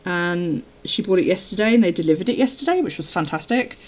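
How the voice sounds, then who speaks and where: A woman's voice: lowish voice, expressive, fast, rough recording. A woman chatting casually on a live stream while journaling, telling stories and laughing often.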